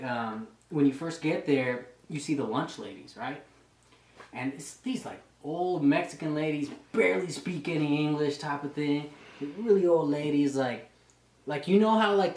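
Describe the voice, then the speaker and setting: A man's voice: fairly high pitch, reverberant, slight background noise. A young man in his twenties casually telling profane boot camp stories, laughing and acting out drill instructors, between sets in a gym. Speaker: fitness vlogger and reservist. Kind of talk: casual storytelling chat. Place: gym, indoors.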